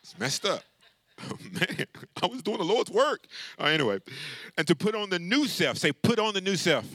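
High, bright-voiced animated preacher man. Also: moderate pace, no room sound. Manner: conversational preaching with call-and-response; animated, with many restarts and asides. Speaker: pastor. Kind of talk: sermon.

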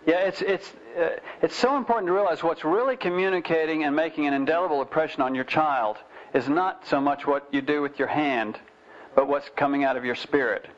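A man's voice: on the high side, brisk. A man teaching parents in an informal talk, telling family stories with restarts and fillers. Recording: dull lo-fi recording.

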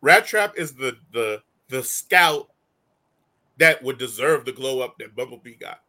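A man co-hosting a fan talk show in casual chat, animated and rambling, with many restarts and frequent laughs. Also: medium pitch, unhurried. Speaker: co-host of a call-in fan show.

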